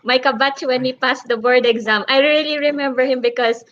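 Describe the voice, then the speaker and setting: A woman with a high voice chats on a live video call, her sound dull and lo-fi. She is friendly and talkative, slipping Tagalog words into her English. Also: fairly even intonation, fairly quick, fairly bright tone. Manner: chatty, laughs easily, mixes English and Tagalog. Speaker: co-host. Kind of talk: casual live-stream chat.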